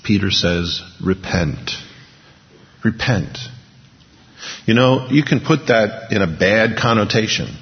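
Gravelly low-voiced male preacher. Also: lively intonation, slow pace, long pauses, long reverb tail, highs cut off. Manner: earnest preaching, swinging between hushed and emphatic. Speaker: pastor. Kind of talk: sermon.

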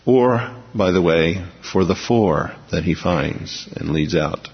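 Speaking slowly in a low, slightly rough voice, this pastor preaches emphatically to a large congregation and dramatizes the scripture as he reads it. The audio is dull and full of echo from the big church hall.

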